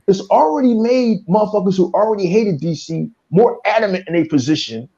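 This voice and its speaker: Picture a male podcast host on a furious, cursing tirade, hammering the same points again and again. His voice is high-pitched with a dark, mellow timbre. The audio is muffled and lo-fi. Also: lively intonation, brisk, vocal fry. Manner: fiery, cursing, repeats himself. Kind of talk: heated profane rant.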